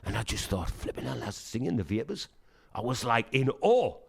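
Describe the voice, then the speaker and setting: A middle-aged man with a Northeast English Sunderland accent, a punk singer telling lively anecdotes in a casual interview, acting out quoted dialogue and swearing freely. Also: mid-range voice, normal speed, creaky, slightly rough, no echo, studio quality. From Sunderland, England. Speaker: punk band singer, guest.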